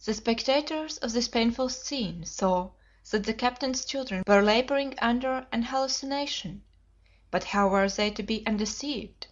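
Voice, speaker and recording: A woman's voice: on the high side, normal speed. Woman narrating a classic adventure. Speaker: audiobook narrator. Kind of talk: scripted narration. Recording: dull lo-fi audiobook recording.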